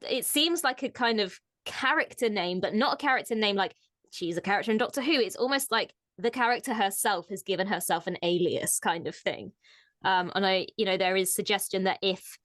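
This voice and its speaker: A woman's voice: mid-range voice, a bit bright, no echo, clean studio sound. A woman co-hosting a casual fan discussion, often laughing mid-sentence as she talks through news. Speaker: co-host. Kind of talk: casual chat.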